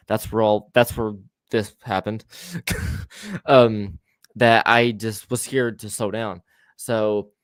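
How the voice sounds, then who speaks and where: A man's voice: medium pitch, clear, resonant tone, dry recording. A man hosting a casual podcast chat who stutters now and then, swears freely and laughs often. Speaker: podcast host.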